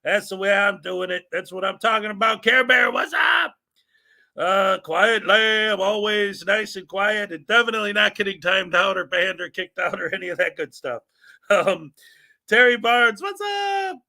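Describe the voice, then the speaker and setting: A man hosting a casual livestream, greeting viewers by name in a lively, upbeat way. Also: high voice, moderate pace. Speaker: livestream host.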